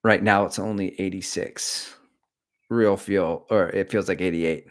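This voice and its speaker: The middle-aged host of a running channel chats openly on a casual livestream, joking as he wanders between topics. He speaks unhurriedly in a deep voice with a steady tone.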